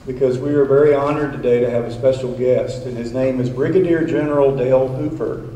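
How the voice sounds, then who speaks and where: A man's voice: medium pitch, steady tone, brisk, mellow, a little hiss or hum. Brief: male principal, folksy, emphatic, repeats lines, recorded distant in a reverberant assembly hall. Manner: folksy storytelling, emphatic repetition. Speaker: school principal. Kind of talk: assembly speech. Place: large school assembly hall. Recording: echoey hall from far off.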